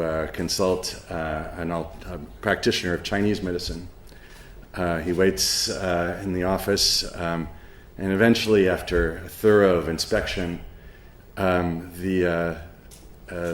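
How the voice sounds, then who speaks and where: A middle-aged man giving a lecture, halting with many ums and uhs, with a dry sense of humor. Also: low voice, reverberant. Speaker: professor giving a conference talk. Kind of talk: spoken lecture with an anecdote.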